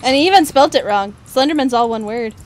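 A woman chatting excitably with friends while playing an online game, given to dramatic outbursts. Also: a little high, fairly quick, faint music behind. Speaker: gamer. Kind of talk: multiplayer gaming chat.

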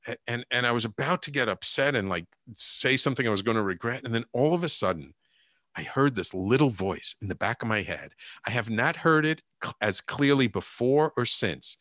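Animated middle-aged man telling a story. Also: moderate pace, no room sound, clean studio sound. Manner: animated, acts out quotes with rising pitch. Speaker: podcast guest, healer and coach. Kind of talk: casual storytelling.

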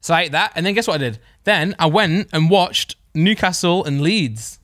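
A man's voice: on the high side, animated, normal speed, fairly bright tone, no room sound, studio quality. A young man co-hosting a podcast, chatting and telling stories with laughs and restarts. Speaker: podcast co-host. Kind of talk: casual chat.

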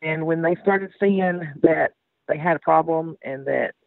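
A woman's voice: deep voice, a little slow, vocal fry, dry recording. A woman, the victim's older sister, emotionally recalling events in an interview and repeating phrases as she goes. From Georgia, US. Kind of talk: interview recollection. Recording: tinny phone-line interview with music behind.

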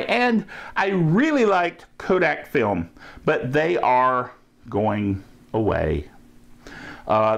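A man's voice: mid-range voice, gravelly, a bit bright. A middle-aged man hosting a tech podcast, chatting casually with an enthusiastic, jokey manner. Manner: enthusiastic and jokey, laughs at himself. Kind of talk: casual tech news chat.

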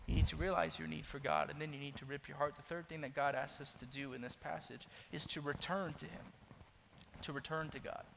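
A young preacher from Oklahoma with a high voice delivers a sermon, pushing hard and urgent in some passages and dropping to a hushed near-whisper in others. The sound carries the long tail of a church hall, with a faint hiss of noise behind him. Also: male voice, expressive, fairly quick, vocal fry. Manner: swings between loud urgent pleading and hushed near-whispered confession. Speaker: youth pastor.

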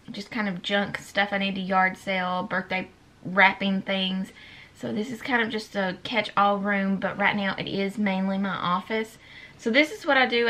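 A young woman chatting casually to the camera in a rambling, relaxed way. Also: medium pitch. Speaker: vlogger. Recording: dull lo-fi recording with loud background noise.

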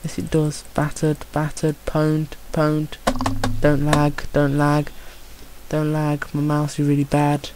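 Young Brummie lad, gravelly commentary. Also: male voice, fairly high pitch, slow pace, background noise. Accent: Birmingham English. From Birmingham, England. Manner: chatty, excitable, jokey self-talk. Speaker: gameplay commentator. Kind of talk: casual gameplay commentary.

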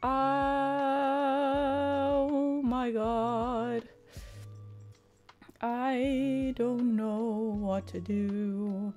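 A woman's voice: sits high, mellow. Frazzled, swearing woman streamer. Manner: frazzled, swearing, improvised singing. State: stressed. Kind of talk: casual live-stream chat.

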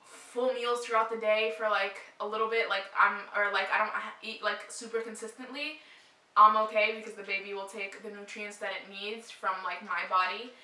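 A young woman in her twenties, pregnant and nauseous with morning sickness, talks casually to camera as a vlogger, wandering from point to point and saying "like" a lot. Her medium-pitched voice is bright and forceful, with fairly even intonation at normal speed. The far-off mic gives a roomy echo.

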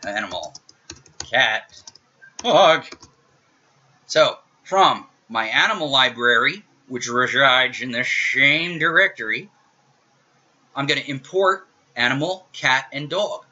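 A man's voice: mid-range voice, animated, takes it slowly, long pauses, pushed and bright. A middle-aged man teaching programming in a recorded screencast lecture, casual and joking as he talks through his code. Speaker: programming instructor. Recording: dull lo-fi audio.

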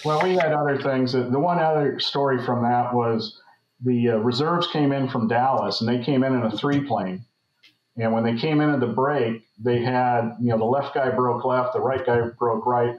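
A man in his sixties, a podcast guest who tells rambling anecdotes, full of fillers. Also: medium pitch. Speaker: guest, former Navy flight officer. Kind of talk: casual storytelling chat. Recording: roomy, dull remote audio.

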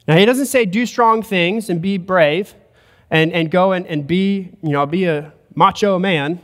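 A male pastor preaches with an earnest, emphatic delivery, his voice sitting a little higher than most men's. The sound rings with a long reverb, as in a church hall. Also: moderate pace. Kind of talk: sermon. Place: church sanctuary.

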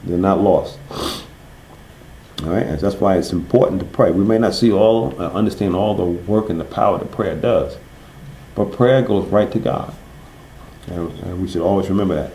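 A man's voice: sits low, dark tone, a little hiss or hum. Man teaching Bible study in an echoey room. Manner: asks the class questions, then answers them; reads verses slowly and stresses each word.

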